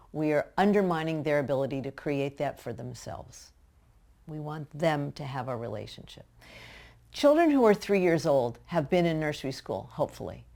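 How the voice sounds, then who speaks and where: A woman's voice: low voice, a little mellow. A woman giving practical, direct advice to parents in a teaching talk. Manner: direct, practical, acts out parent and child voices. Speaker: parenting educator.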